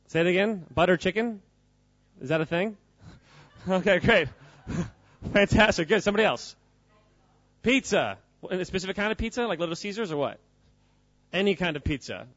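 A man's voice: high voice, lively intonation, moderate pace, long pauses, fairly bright tone, dry recording, dull audio. A man giving an informal, joking talk to a live audience, quizzing the crowd as he goes. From United States. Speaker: speaker at a church gathering.

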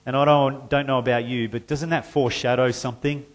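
A male pastor preaching a sermon, moving between conversational explanation and loud, forceful reading of scripture. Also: medium pitch, fairly even intonation, a little fast. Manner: reads scripture loudly and forcefully, then drops to a conversational tone.

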